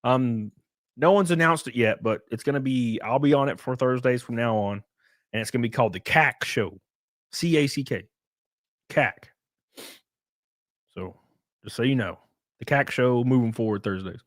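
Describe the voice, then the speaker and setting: A man's voice: mid-range voice, moderate pace, long pauses, no room sound, clean studio sound. A man live-streaming, chatting casually with his viewers, swearing, laughing and thanking them as he goes.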